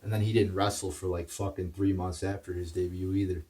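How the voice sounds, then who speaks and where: Deep-voiced man ranting, cursing freely. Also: flat delivery, brisk, far from the mic, background noise. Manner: profane, exasperated, stumbling restarts. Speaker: wrestling show reviewer. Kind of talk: casual ranting review.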